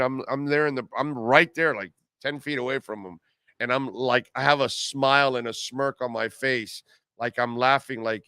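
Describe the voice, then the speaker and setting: A man's voice: medium pitch, steady tone, moderate pace, bright, forceful tone, clear, resonant tone, no echo, studio quality. Sarcastic man ranting on sports radio. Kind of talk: live sports talk show. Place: car dealership live broadcast.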